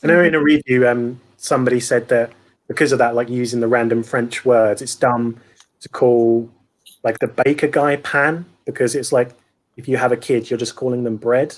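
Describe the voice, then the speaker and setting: A man speaking at a medium pitch gives measured, hedging takes on a book during a casual online book club. He pads his points with fillers and acts out lines from the story. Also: steady tone. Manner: hedging, lots of "like", measured critique. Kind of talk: casual livestream book discussion.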